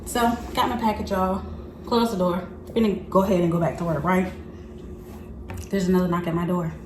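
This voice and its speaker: A woman's voice: lowish voice, brisk, noisy background. Chatty woman vlogger in an echoey room. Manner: animated, slangy and chatty, often laughing. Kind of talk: casual storytelling to camera.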